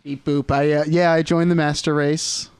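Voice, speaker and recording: Man, clear resonant voice, dry close sound, casual podcast chat. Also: on the high side, flat delivery, no echo. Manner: easygoing, halting with fillers. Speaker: podcast co-host.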